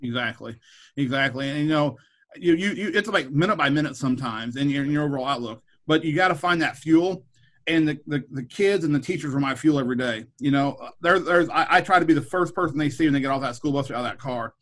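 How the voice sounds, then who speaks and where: This middle school principal from Kansas speaks fast on a podcast, his voice high-leaning and a bit bright. His casual talk rambles with frequent restarts and repeated words, captured on a rough recording.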